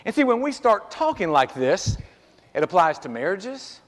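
High-voiced man preaching in reverberant hall. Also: very animated, moderate pace. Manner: conversational, full of rhetorical questions. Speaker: pastor. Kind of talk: sermon. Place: church sanctuary.

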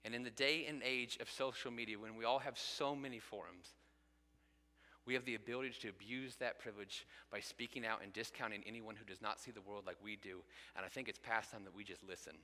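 A bright-voiced male pastor in his thirties delivers an earnest sermon in a large church sanctuary. His clear, forceful tone rises to emphatic peaks, and a long reverb trails each phrase around the hall. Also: lowish voice, fairly even intonation, brisk.

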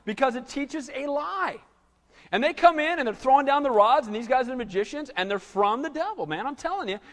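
A man preaching a sermon, telling Bible stories in an animated way and acting out the quotes. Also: very high voice, long reverb tail. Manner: animated storytelling, acts out quotes. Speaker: pastor.

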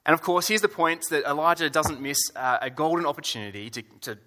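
A man's voice: a little high, expressive, fast talker, pushed and bright. A male preacher giving a conversational, wry sermon in a church hall, full of rhetorical questions and fillers. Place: church hall with about a hundred people.

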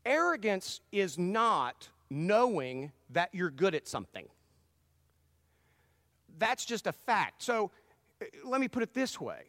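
High-voiced man preaching, long hall echo. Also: huge pitch swings, takes it slowly, pauses often, pushed and bright, clean studio sound. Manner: conversational, folksy storytelling with repeated restarts. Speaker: pastor. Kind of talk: sermon.

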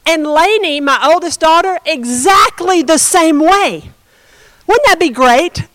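A woman's voice: extremely high pitch, expressive, a little slow, a bit bright, dry recording, low-quality recording. A woman pastor giving a conversational sermon, often asking the congregation questions.

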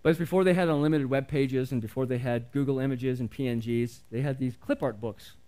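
A man's voice: medium pitch, brisk, dark tone, clear, resonant tone. A middle-aged male pastor preaching a sermon in an earnest, conversational way, asking the congregation questions.

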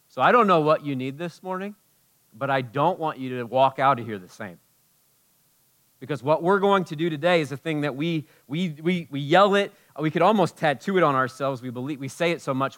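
A man's voice: fairly high pitch, animated, moderate pace, a bit bright. A man preaching a sermon as pastor, telling personal stories in a loose, conversational way, with lots of "like". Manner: conversational, storytelling, peppered with "like".

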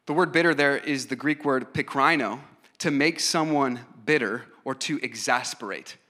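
A man's voice: mid-range voice, moderate pace, bright, forceful tone. A man in his thirties preaching a sermon in an earnest, emphatic way, with frequent fillers and restarts. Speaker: pastor.

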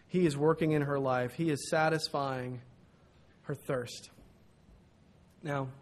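A man preaching a sermon as pastor, animated and storytelling, acting out what people said. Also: on the high side, takes it slowly. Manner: storytelling, animated, acts out quotes.

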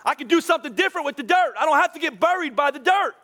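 Brief: frantic talking donkey, voiced by a man, high strained pitch, loud and excited. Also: racing, full character voice. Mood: determined. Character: frantic male donkey stuck in a well, newly hopeful.

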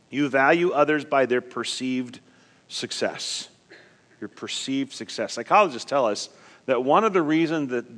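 A man preaching a sermon as pastor, swinging from emphatic loud points to quiet, low asides. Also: big-room sound.

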